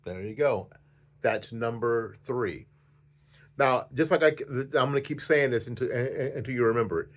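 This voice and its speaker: A man's voice: mid-range voice, moderate pace, dull audio. A man teaching a flute lesson on video, patient and repetitive, counting the student in.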